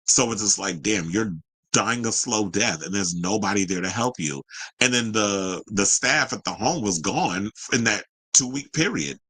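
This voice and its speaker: A man's voice: lowish voice, lively intonation, normal speed, bright, forceful tone, breathy edge, low-quality recording. A man hosting a casual solo pop culture commentary show, chatty and sassy with rambling asides.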